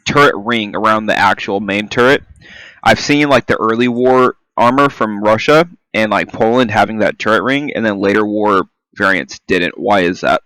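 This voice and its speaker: A man's voice: lowish voice, moderate pace, sharp tone, no echo, rough recording. A man from Southern California bantering crudely and casually on a hobby podcast. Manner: crude, bro-ish banter. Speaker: podcast co-host.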